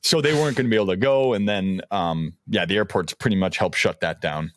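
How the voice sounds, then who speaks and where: A man's voice: fairly low pitch, a little fast, dry recording, studio quality. A young man co-hosting a casual podcast, telling rambling stories with lots of fillers and laughs. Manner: rambling, laughing, animated storytelling. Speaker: podcast co-host. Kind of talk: casual chat.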